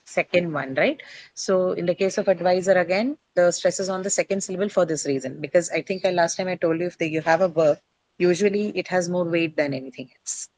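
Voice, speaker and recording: A woman's voice: fairly low pitch, fairly quick, darkish tone, no echo, low-quality recording. A middle-aged woman teacher lecturing a class, explaining step by step and quizzing her students as she goes.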